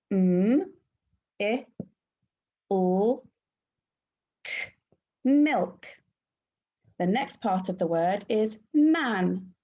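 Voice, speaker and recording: Slow, encouraging teacher sounding out words. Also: female voice, medium pitch, darkish tone, dull audio. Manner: slow, clear, sounding out letters and syllables; encouraging, praising the class. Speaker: primary school teacher. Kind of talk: phonics lesson for young children.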